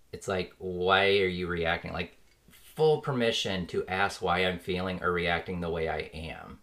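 With a deep voice and sharp tone, a man likely in his thirties hosts a podcast, delivering a casual, reflective monologue. He's earnest and rambling, full of "like" fillers, with small chuckles as he talks.

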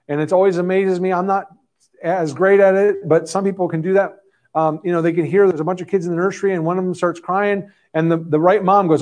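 A man's voice: high-pitched, darkish tone. A man preaching an expository sermon, earnest and conversational, often restarting his phrases. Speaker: pastor.

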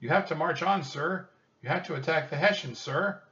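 A man voicing a bold, excited young girl in a storybook reading, pitching his voice high and pleading urgently. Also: normal speed, distant mic, dull audio, close to an everyday voice.

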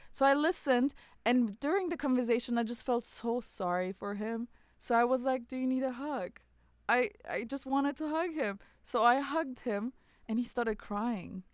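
Woman, podcast host, casual chat, playful, laughs a lot, smooth clear voice. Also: mid-range voice, no echo. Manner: chatty, laughs often, frank and playful.

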